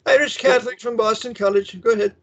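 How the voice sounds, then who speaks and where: A man's voice: extremely high pitch, fairly even intonation, quick pace. A man hosting a radio talk show, combative and ranting, with a stream of rhetorical questions. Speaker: host. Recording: dull lo-fi sound.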